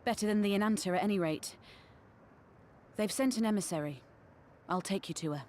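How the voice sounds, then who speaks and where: A woman voicing a composed serpent-folk leader in a video game, speaking in a measured, courteous way. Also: mid-range voice, a little mellow, a little hiss or hum, lightly acted. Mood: calm.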